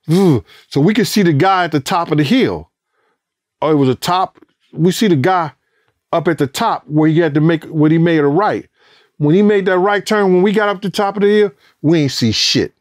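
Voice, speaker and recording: A middle-aged man recounts a night in a casual interview, his voice sitting a touch high for a man. He talks in an animated, profane way and acts out the voices of others and gunshot sounds. The sound is dry and close, with no room echo. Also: normal speed. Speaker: former bodyguard telling a story.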